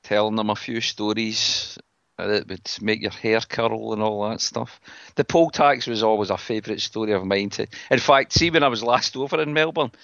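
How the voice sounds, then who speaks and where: A man's voice: fairly low pitch, normal speed, vocal fry, a bit bright, dry recording. A middle-aged Scottish man hosting a casual podcast chat, talking bluntly and with scorn. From Scotland. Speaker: podcast host. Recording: dull lo-fi dry sound.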